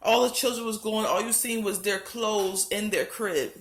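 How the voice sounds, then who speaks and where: A woman's voice: medium pitch, moderate pace, roomy sound, a little hiss or hum. A woman, emotionally recounting a religious dream, close to tears, pleading and repeating herself. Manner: earnest, repetitive, pleading, many restarts. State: heart racing, close to tears. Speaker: vlogger sharing a religious dream. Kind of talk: emotional testimony to camera.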